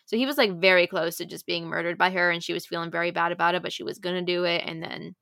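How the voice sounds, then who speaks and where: A young woman co-hosting a podcast, retelling romance plots in an animated, breathless rush. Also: fairly low pitch, fast, gravelly, dry recording, clean studio sound. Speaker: podcast co-host. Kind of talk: casual chat about romance novels.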